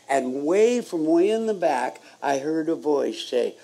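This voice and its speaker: An older woman with a gravelly, worn voice tells a story on a club stage, drawing it out slowly. She wanders and stalls, reaching for names with strings of fillers before she picks the thread back up. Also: low voice, lively intonation. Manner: rambling, halting, loses her words with many fillers. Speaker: guest performer telling a story on stage. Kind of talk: live on-stage anecdote.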